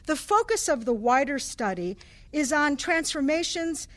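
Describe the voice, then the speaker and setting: A woman's voice: sits high, very animated, measured pace. A middle-aged woman, a professor, giving a conference lecture in a conversational academic manner, with fillers and restarts. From United States. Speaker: guest speaker, professor of anthropology. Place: cathedral hall.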